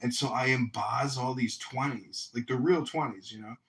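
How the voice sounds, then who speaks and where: A man's voice: mid-range voice, moderate pace. A young man in casual chat, a candidate animatedly telling stories and acting out other people's lines. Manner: animated storytelling, acts out quoted voices loudly. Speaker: mayoral candidate.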